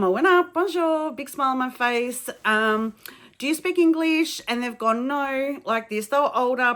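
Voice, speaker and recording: A woman's voice: mid-range voice, bright, forceful tone. An Australian woman telling travel stories to camera in a frank, chatty way, with swearing and many fillers. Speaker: travel vlogger. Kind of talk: casual storytelling to camera.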